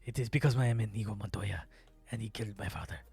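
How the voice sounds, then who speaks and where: A guy hamming up a vengeful swordsman, voice dropped low and solemn, over faint music. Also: fast, vocal fry, a little mellow, slightly rough, exaggerated voice. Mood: mock-grim.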